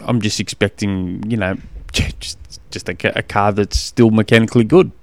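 An Australian man talks through his solo podcast in a loose, frank, rambling way, often stopping and restarting his sentences. His voice is smooth and resonant, and it is recorded close and dry with no room sound. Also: fairly low pitch, fairly even intonation, normal speed, dry recording. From Tasmania. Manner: rambling, frank, exasperated storytelling with frequent restarts. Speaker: podcast host and triathlon coach. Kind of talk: casual solo podcast monologue.

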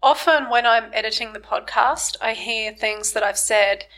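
Frank, upbeat woman co-host for a casual chat podcast; bright, slightly high voice. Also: moderate pace, rough recording. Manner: frank, laughs easily, swears in quotes.

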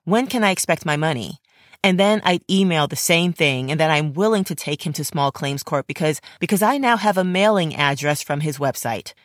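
A woman's voice: low voice, moderate pace, few pauses, no echo, studio quality. A woman, an actor and podcast host, telling a personal story in earnest, indignant first-person narration and speaking straight to fellow actors. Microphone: close studio mic.

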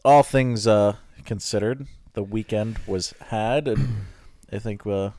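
A man's voice: on the low side, slow, mellow. A man hosting a casual podcast, talking loosely with lots of fillers and dry wisecracks. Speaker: podcast host.

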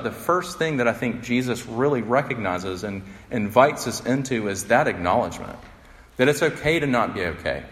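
A man's voice: mid-range voice, big-room sound. A man preaching a conversational, earnest sermon as a pastor. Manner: earnest, conversational, voice rising when acting out quotes.

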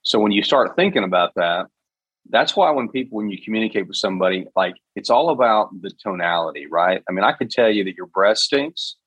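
This is a low, husky man's voice heard over a video call microphone. The sound is dry and close, with no room in it. He explains ideas in a coaching way and poses rhetorical questions as he talks. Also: lively intonation, a little fast, a bit bright, no room sound, highs cut off. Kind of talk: casual podcast chat.

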